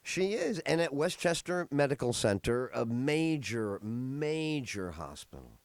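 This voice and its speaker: A man's voice: medium pitch, very animated, measured pace, no echo. A middle-aged man hosting a podcast, telling rambling stories in a casual chat with many fillers. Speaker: podcast host.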